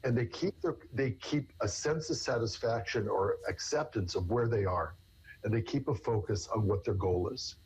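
A man's voice: on the low side, moderate pace, breathy edge, rough recording. A man, a therapist, explaining in conversation with everyday examples in an earnest way. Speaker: therapist guest. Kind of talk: conversational interview answers.

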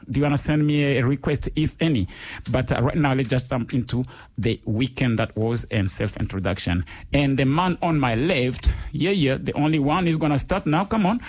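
A man hosting a live radio show in a studio, teasing and joking with his co-host and laughing often. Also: normal speed. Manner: playful, teasing, laughs often, lively jumps in pitch. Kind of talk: casual live radio chat.

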